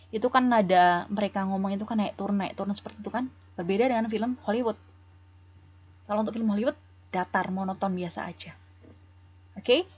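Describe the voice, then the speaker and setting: Woman, English teacher, breathy voice, muffled lo-fi audio. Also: medium pitch, darkish tone. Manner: reads English examples then explains in Indonesian. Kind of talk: bilingual classroom lesson.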